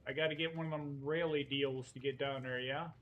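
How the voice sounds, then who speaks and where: A man's voice: mid-range voice, steady tone, a little fast, phone-quality sound, a little hiss or hum. A man streaming a video game, joking and talking to himself as he plays. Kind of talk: casual gameplay commentary. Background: game music.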